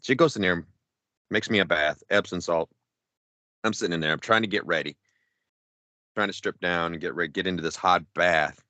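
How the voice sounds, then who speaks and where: Man, very low voice, dry close mic, casual podcast storytelling, swears a lot, rambles. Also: normal speed, pauses often, bright, forceful tone, dry recording. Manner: profane, rambling, acts out quotes. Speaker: podcast co-host.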